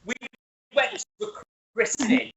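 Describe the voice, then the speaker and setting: A man's voice: extremely high pitch, fairly even intonation, moderate pace, creaky, crowd noise, poor audio. A man telling rambling funny stories in casual chat and laughing a lot, as a show host.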